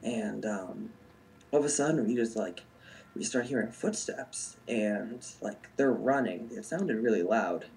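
Over a slight hiss or hum, a young man with a lowish, somewhat mellow voice speaks a little slowly as he recounts a personal story. It's casual and rambling, packed with "like" and "um."

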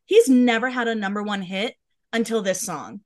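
A woman's voice: medium pitch, normal speed. A woman co-hosting a podcast in casual chat, talking bluntly and heatedly and swearing freely. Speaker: podcast co-host.

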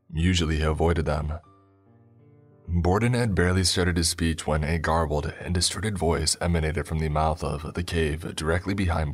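A man narrating a scripted dark story in a measured, even way. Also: rumbling low.

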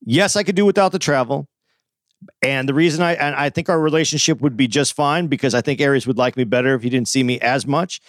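A man co-hosting a casual comedy podcast, rambling and joking in quick asides. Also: medium pitch, no room sound, studio quality. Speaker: podcast co-host.

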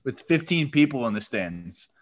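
A man in relaxed podcast conversation who leans on "like" as he talks. His voice sits at a middle pitch, and he keeps things easygoing. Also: normal speed. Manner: relaxed, heavy use of "like". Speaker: podcast co-host. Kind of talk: casual chat.

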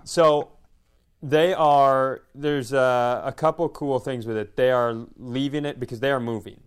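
A man co-hosts a casual podcast, spinning a meandering, self-mocking story. His voice is smooth and clear, pitched in an ordinary middle range. He drops in profanity with an easy, offhand delivery. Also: fairly even intonation, unhurried. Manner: rambling, self-deprecating storyteller. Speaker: podcast co-host, comedian.

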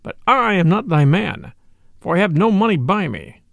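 A proud but poor knight, grave and sorrowful, as a male storyteller plays him, speaking in solemn, formal old-fashioned phrases. The voice is high and lively, with a gravelly texture in a dry, close sound. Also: normal speed, dry recording, highs cut off, full character voice. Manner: solemn, formal archaic speech.

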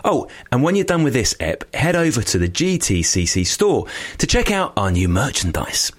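A man's voice: mid-range voice, sing-song, moderate pace. A man co-hosting a podcast, cheerful and chatty as he tells stories in casual chat. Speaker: podcast co-host.

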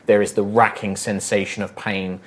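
Slow, low-voiced male game master. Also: little pitch movement. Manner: slow, hesitant descriptive narration with fillers. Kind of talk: narrating a tabletop game.

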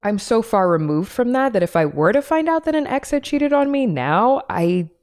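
A woman's voice: a little high, sing-song, moderate pace, darkish tone. A woman in her thirties, a podcast guest, talking candidly in a blunt, swearing, laughing casual chat.

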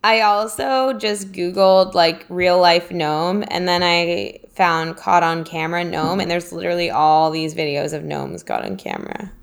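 A woman's voice: fairly low pitch, steady tone, unhurried, creaky, few pauses, smooth. A woman in casual chat as a co-host, asking curious questions and laughing easily.

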